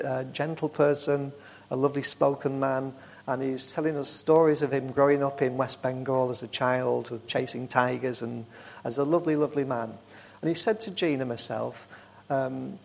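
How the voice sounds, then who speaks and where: A man speaking to a church group, telling warm, rambling stories with frequent restarts. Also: medium pitch, vocal fry. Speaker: charity speaker.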